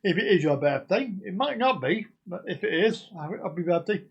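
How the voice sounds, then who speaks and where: A man's voice: high voice, animated, fairly quick, creaky, breathy edge, dull audio. A man hosting a casual live stream, rambling and joking as he chats to his viewers. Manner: jokey, rambling, sings and laughs along.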